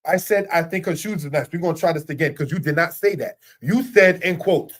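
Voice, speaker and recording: Middle-aged guy teaching a torah lesson, fairly high voice, keeps asking why, earnest and repetitive. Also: a little fast, hardly any pauses. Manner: earnest, repetitive, rhetorical questions. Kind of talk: spoken teaching monologue.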